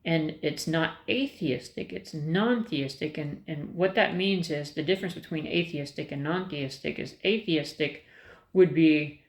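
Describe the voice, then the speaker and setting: A woman's voice: sits low, a little slow. A woman vlogger talking casually to the camera, rambling and tangential, hedging her points with many ums and restarts. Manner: thoughtful, hedging. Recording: roomy, echoey room.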